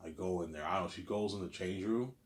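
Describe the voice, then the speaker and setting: Man, very low voice, casual monologue, rambling, repetitive. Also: fast. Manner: rambling, repetitive, lots of "you know what I'm saying". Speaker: vlogger.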